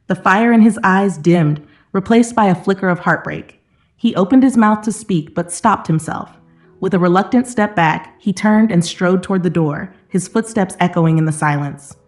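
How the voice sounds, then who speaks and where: A woman narrating a scripted dramatic story in a slow, even, dramatic manner. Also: lowish voice. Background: soft background music.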